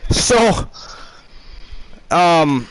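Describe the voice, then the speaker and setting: A man hosting a casual livestream, running down a wrestling card with quick, hype-driven announcer patter. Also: high voice, heavy background noise. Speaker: show host.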